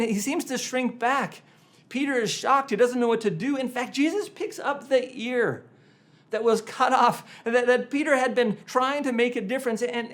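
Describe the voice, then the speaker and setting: Preaching from the pulpit, this high-voiced man recounts a story with drama, climbing to loud emphasis before falling to a hush and sometimes repeating words to drive a point home.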